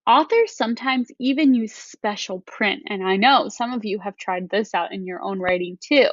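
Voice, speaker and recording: A woman teacher giving a reading lesson to first graders, explaining each point slowly and clearly. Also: medium pitch, dry recording, highs cut off. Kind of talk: recorded reading lesson for young children.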